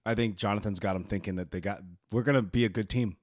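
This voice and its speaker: A man's voice: on the low side, quick pace, no room sound, clean studio sound. A man co-hosting a casual sports podcast, laughing often and swearing freely. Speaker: podcast co-host.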